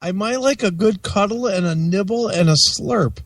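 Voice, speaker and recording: A man's voice: sits high, moderate pace, no room sound, recorded from a distance. A tipsy man co-hosting a radio show, trading crude jokes in casual banter. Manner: crude, joking. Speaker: co-host.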